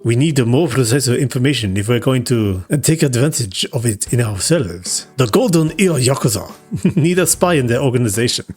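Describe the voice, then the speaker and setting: Man doing Nico, a slow gruff yakuza boss. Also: mid-range voice, animated, a little mellow, faint music behind. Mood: menacing. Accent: put-on Japanese accent. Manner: slow, broken clipped English, gruff. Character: towering tattooed male yakuza boss, menacing.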